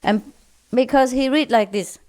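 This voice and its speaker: Slow, laughing woman spiritual teacher. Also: on the high side, a little mellow. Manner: laughs often, with frequent "uh" pauses. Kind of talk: telling humorous stories to a gathering.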